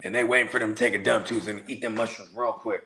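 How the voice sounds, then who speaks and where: A man telling stories in a casual podcast chat, animated and slangy, sometimes breaking into loud shouts. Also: fairly low pitch, racing, a crowd in the background. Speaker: podcast co-host.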